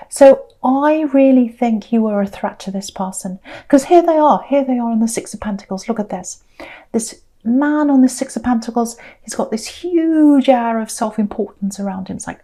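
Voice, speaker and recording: A woman doing a tarot reading in a fairly high, mellow voice. She talks earnestly, circling back to repeat her points, and now and then mimics the people she describes in a mocking tone. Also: moderate pace. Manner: earnest, repeats phrases for emphasis; acts out quoted people in a mocking voice. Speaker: tarot reader. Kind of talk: intuitive tarot reading monologue.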